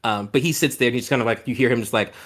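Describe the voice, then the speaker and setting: A man's voice: medium pitch, very fast, fairly bright tone. Fields: Sex: man. Role: game master. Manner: rambling, casual. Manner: casual, rambling, lots of fillers. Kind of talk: narrating a tabletop game.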